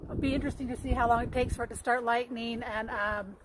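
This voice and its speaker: High-voiced woman chatting outdoors in wind. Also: fairly even intonation, quick pace. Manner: chatty and rambling, greets viewers by name. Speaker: livestreaming gardener. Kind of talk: casual live-stream chat. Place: backyard garden outdoors. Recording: loud wind and outdoor noise.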